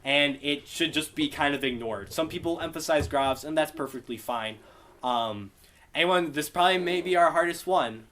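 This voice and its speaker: A young man leads a relaxed beginner class, talking things through in an easy explanatory way. His voice sits slightly high for a man. He often stops to ask his students whether they have any questions. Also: normal speed. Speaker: Bible study Greek teacher. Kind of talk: casual classroom teaching.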